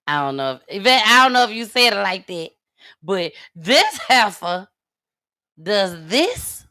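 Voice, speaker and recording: Outspoken woman host, bright and unhurried. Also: medium pitch, very animated. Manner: outspoken, blunt and exasperated. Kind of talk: casual commentary on a live show.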